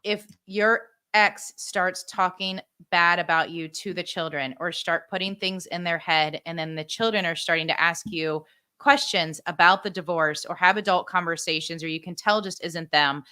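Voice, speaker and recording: A woman's voice: lowish voice, steady tone, moderate pace, bright, forceful tone, smooth. A middle-aged woman, a podcast guest, earnestly telling her own story and giving advice to parents. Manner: earnest, heartfelt.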